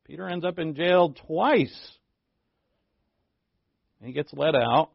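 A man's voice: a little high, slow, gravelly, no echo, highs cut off. A man preaching a sermon in a conversational way, often breaking off and restarting with playful asides. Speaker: pastor.

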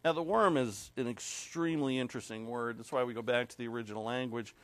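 A man's voice: mid-range voice, a bit bright, dry recording. An earnest male pastor delivers a sermon in a mid-range voice, reading verses with swelling force. The sound is dry and close, with little room around it. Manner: earnest, reads scripture aloud with rising emphasis; emotional, clears throat and pauses. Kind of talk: expository sermon.

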